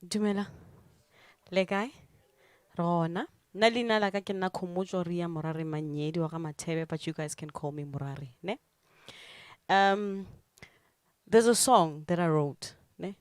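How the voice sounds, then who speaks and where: A woman, a singer and speaker, chatting casually to a live audience in a drawn-out way. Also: fairly low pitch, smooth, no room sound.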